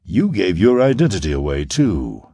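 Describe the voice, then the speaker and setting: Villain: man doing a silky, murmuring male scientist, low and threatening, dry close sound. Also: very animated, breathy edge, no room sound, heavily acted. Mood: cold. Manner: quiet, slow, silky menace. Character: menacing, soft-spoken mixed-breed male scientist villain.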